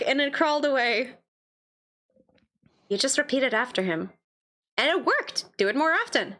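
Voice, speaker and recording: A woman's voice: sits high, sing-song, normal speed, pauses often, fairly bright tone. A woman streaming a game, reading its dialogue aloud and reacting playfully between lines. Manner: playful, reads text then comments with laughs.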